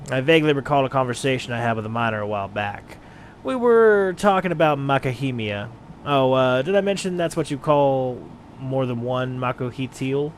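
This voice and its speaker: A man's voice: medium pitch, expressive, moderate pace, slight background noise, close to an everyday voice. A man voicing a boastful male gladiator who rambles, in a mock British accent that drifts toward Southern. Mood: rambling. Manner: rambling, hearty. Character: boastful male gladiator, mended, eager for glory.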